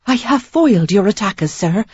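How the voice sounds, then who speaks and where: A woman's voice: medium pitch, animated, moderate pace, breathy edge, highs cut off, voice pushed up. A woman playing a prim, timid young lady. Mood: anxious, polite. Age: 20s. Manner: polite, tentative, quiet. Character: prim sheltered young gentlewoman, polite and tentative.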